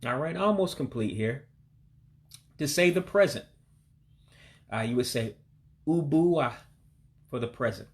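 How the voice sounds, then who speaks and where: A man of middling pitch teaches vocabulary in a patient, methodical way. He says each word slowly, then again, and explains how it breaks into parts. His delivery is relaxed and instructive. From heritage learner of Igbo descent. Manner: patient, repeats words slowly and breaks them down. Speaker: language learner teaching vocabulary. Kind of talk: language lesson.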